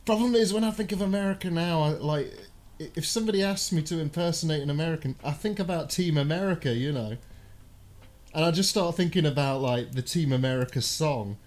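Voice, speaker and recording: A man's voice: fairly high pitch, fairly quick, a little mellow. A man with a regional British accent chatting casually on a live stream, talking himself through fiddly work as he goes. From United Kingdom. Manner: chatty, mutters coaxingly to himself while working. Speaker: streamer doing console repairs.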